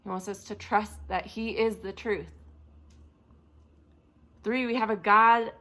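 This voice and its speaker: A woman's voice: medium pitch, steady tone, takes it slowly, a bit bright. A young woman giving a chapel devotional, reading scripture aloud and then explaining it in a casual, vivid way. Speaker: chapel speaker. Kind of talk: devotional talk.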